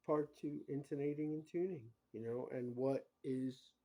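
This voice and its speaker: Guy rambling on camera, mellow dark voice, lots of "you know" and "bro", goes from mumbling to loud. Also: medium pitch, fairly even intonation, normal speed. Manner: swings between muttering and loud emphatic outbursts. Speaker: vlogger. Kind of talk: rambling casual monologue.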